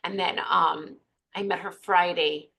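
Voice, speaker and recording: A woman's voice: lowish voice, fairly even intonation, a little slow, creaky, pushed and bright. A woman leading her sales team in a casual training chat, upbeat and chatty with many fillers. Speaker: team leader of beauty consultants.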